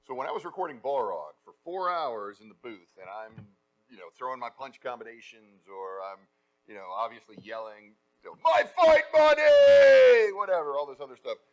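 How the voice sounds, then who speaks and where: Middle-aged male voice actor, animated panel storyteller. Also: fairly low pitch, brisk, rough recording. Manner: energetic storyteller, acts out quotes. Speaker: voice actor giving a talk. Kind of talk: conference panel talk.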